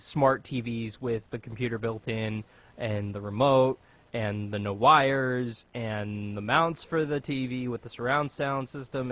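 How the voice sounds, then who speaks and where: A man's voice: medium pitch, fairly bright tone. A man with an American accent hosting a podcast, rambling and joking at his own expense in a casual chat. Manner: rambling, joking, self-mocking. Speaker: podcast host.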